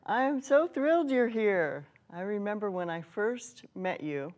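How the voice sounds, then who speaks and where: A woman's voice: medium pitch, lively intonation, measured pace, darkish tone. A woman hosting a talk show, interviewing an artist guest with effusive, gushing praise.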